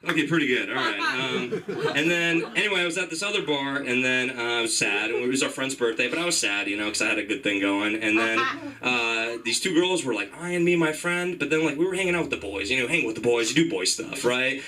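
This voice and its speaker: A young man from Iran doing a rambling stand-up set at an open mic, jumping into high, excited voices when he quotes people. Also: quick pace, hardly any pauses. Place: comedy club stage. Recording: distant mic in a club room with audience. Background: audience laughing.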